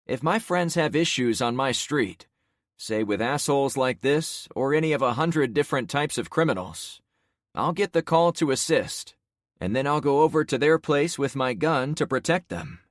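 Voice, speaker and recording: Male narrator as a commanding survivor leader, blunt, animated, dry sound. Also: medium pitch, normal speed, dry recording, voice pushed up, natural voice.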